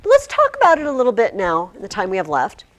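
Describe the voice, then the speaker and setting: A woman's voice: medium pitch, huge pitch swings, fast. A woman teacher giving a classroom lesson, talking emphatically and often restarting her words. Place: classroom with curtains on the walls. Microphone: recording device in the classroom.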